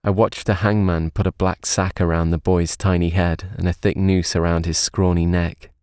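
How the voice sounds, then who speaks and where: A man's voice: low-pitched, little pitch movement, moderate pace, a little mellow, clean tone, no echo, studio quality, close to an everyday voice. A man voicing a troubled young thief. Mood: grieving.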